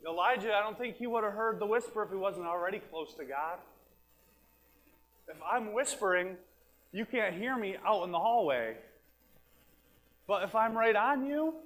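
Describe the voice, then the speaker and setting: A man with a high, slightly bright voice preaches a sermon as a pastor, captured on a low-quality recording. He speaks plainly and repeats his key phrases. Now and then he drops to a whisper to make a point, then brings his voice back up.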